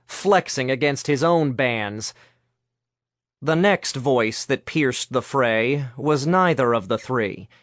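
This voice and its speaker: A man narrating an audiobook in a brisk, even storytelling manner. His voice sits at middle pitch. The recording is dry and close. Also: dry recording.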